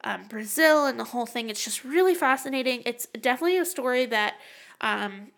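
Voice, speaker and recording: Young woman, podcast co-host, casual and animated, bright and slightly high voice, swears a lot. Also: fairly quick, creaky. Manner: animated, swearing, trailing off and restarting. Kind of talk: casual chat.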